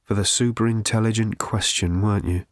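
A man voicing an ancient, depressed male robot that talks in a slow, croaking, hollow rattle full of self-pity. The reading is an audiobook. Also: fairly low pitch, steady tone, no echo, studio quality, close to an everyday voice. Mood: weary. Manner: slow, mournful, self-pitying drawl.

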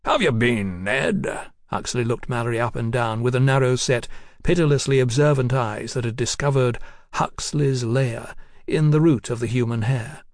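This male audiobook narrator tells a novel's story in an even, measured way, delivering scripted narration. His voice is mid-range, and the clean studio sound carries no echo.

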